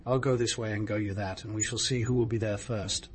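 A man's voice: on the low side, fairly even intonation, brisk, breathy edge. A man reading the part of a cunning, hungry male wolf in a storybook, with a sly, coaxing manner.

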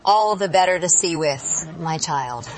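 Woman doing a sly, gruff big bad wolf. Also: sits low, lively intonation, measured pace, noisy background. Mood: coaxing. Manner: gruff and wheedling.

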